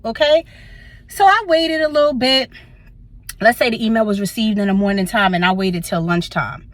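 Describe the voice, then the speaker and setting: A woman's voice: a little high, no room sound. A woman with a Brooklyn accent telling a workplace story in a casual vlog, sassy and blunt, swearing freely. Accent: Brooklyn, New York. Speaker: vlogger. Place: car in a parking lot.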